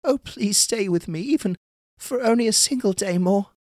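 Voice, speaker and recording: A man voicing a tearful young sea princess who pleads with her husband in a raised, soft voice. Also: high voice, moderate pace, no echo, clean studio sound, voice pushed up, close to an everyday voice. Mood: pleading.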